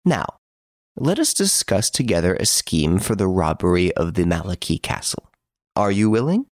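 A man reading an audiobook, voicing a suave, boastful gentleman thief who mocks his jailers from his prison cell. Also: sits low, very animated, normal speed, dry recording, studio quality. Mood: mocking, playful. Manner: playful, teasing, boastful.

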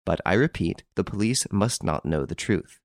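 A man reading the lines of a calm, composed gentleman who quietly takes charge, with a gentle, insinuating manner. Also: deep voice, moderate pace, no room sound, studio quality. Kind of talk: audiobook character reading.

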